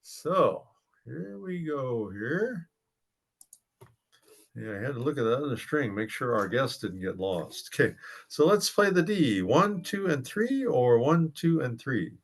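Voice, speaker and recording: A man's voice: mid-range voice, very animated, measured pace, rough recording. A man teaching a ukulele class, patiently counting beats aloud while he plays. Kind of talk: ukulele lesson. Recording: loud ukulele under voice. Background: ukulele strumming.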